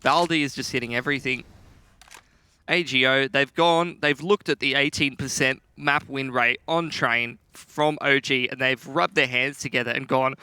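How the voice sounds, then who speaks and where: A man's voice: medium pitch, fairly even intonation, normal speed, sharp tone, smooth, dry recording. A man giving chatty, joking color commentary on an esports match. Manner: jokey, chatty. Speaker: esports analyst.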